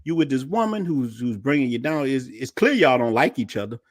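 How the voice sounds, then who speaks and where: A man's voice: mid-range voice, brisk, no room sound, clean studio sound. A middle-aged man hosting a podcast, telling personal stories in casual, slangy chat. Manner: animated storyteller, slangy. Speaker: podcast host.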